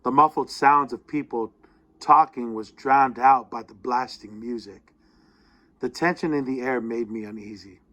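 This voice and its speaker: A man reads a student's essay aloud in an ordinary mid-range voice. He tells it like a story and lingers on the tense parts. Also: mid-range voice. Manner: expressive storytelling, slowing down at tense moments.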